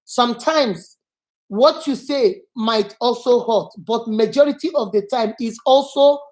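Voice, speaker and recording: A woman's voice: fairly high pitch, a little slow, a little mellow. Woman host asking questions. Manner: probing, repeats and sums up answers. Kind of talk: casual interview chat.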